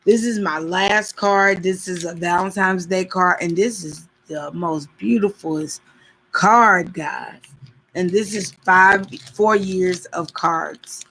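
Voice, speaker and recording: Slow, bright-voiced woman chatting live. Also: lowish voice, slight background noise, low-quality recording. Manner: chatty, addresses viewers directly. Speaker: live-stream host. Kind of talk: casual live-stream chat, reading cards aloud.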